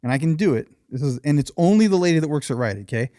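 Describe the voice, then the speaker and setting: A man's voice: a little high, lively intonation, very fast, mellow, no echo, studio quality. A man hosting a podcast, chatting casually, swearing a lot and acting out his stories. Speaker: podcast host. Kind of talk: casual chat.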